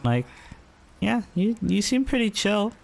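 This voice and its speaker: A man streaming a horror game, chatting casually and hesitantly with many fillers, now and then yelling at the game. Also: very animated, measured pace, creaky. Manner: rambling, hesitant, lots of fillers; yelps at the game in a higher voice. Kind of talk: casual gameplay commentary.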